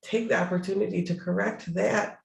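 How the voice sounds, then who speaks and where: A man's voice: high-pitched, fairly even intonation, fairly quick, creaky, echoey room, a little hiss or hum. A man, a city prosecutor, talking earnestly and emphatically in an interview over a video call, repeating phrases for stress.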